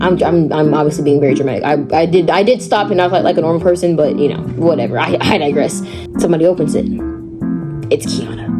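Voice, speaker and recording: A teenage girl telling a story on her vlog, dramatic and animated, repeating words for effect. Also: on the low side, a little fast. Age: teens. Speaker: vlogger. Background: background music.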